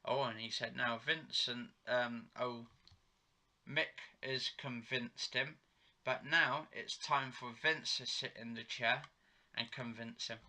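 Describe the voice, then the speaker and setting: A man's voice: mid-range voice, fairly even intonation, slow, pushed and bright. A man recapping a soap opera episode as he watches, rambling through the plot and retelling each line of dialogue. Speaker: TV episode reviewer. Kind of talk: live play-by-play recap while watching.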